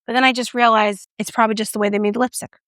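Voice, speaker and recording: A woman doing a casual makeup review vlog, chatty and playful, with self-mocking asides and soft whispered moments. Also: a little high, flat delivery, very fast, no echo, studio quality. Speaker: beauty reviewer.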